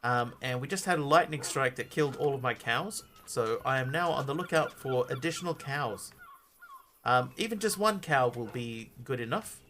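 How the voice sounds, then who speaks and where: A man's voice: medium pitch, moderate pace, fairly bright tone, slight background noise. A man streaming a game live, chatting casually and greeting viewers while he plays. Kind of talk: live gameplay commentary.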